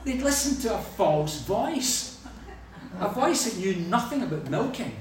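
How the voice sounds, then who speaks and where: A man's voice: sits high, measured pace, background noise. A man preaching a sermon, telling stories with humor. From Scotland. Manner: lively storytelling with humor. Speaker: pastor. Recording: echoey hall from far off.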